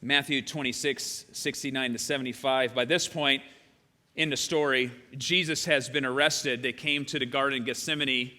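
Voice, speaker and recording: Dynamic pastor preaching in a reverberant hall. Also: male voice. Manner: dynamic, swings from loud emphatic to quiet and low. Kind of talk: sermon.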